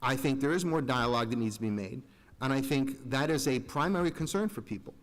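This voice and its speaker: Man, forties, earnest school board remarks, restarts often, mid pitch, echoing room. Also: lively intonation, fairly quick. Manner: rambling, earnest, self-interrupting. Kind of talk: public meeting remarks. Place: large school meeting room. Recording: reverberant hall.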